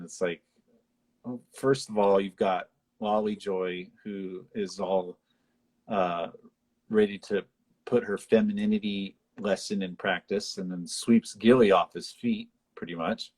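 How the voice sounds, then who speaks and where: Husky man chatting casually about a film. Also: a little slow. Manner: animated retelling, acts out lines in high voices. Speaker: podcast co-host.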